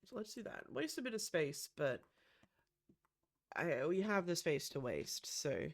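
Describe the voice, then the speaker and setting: A woman's voice: on the low side, sing-song, measured pace, creaky, a little hiss or hum. A woman chatting casually with lots of gasps and "um"s as she builds a room in a life-sim game. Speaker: Sims builder. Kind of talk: casual gameplay commentary.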